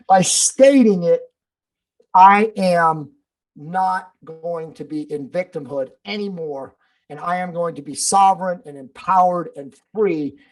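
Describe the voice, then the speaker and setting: A man's voice: on the high side, a bit bright, poor audio. A man as a podcast guest, talking in a blunt, emphatic way, swearing and calling the host bro and dude. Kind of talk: casual interview talk.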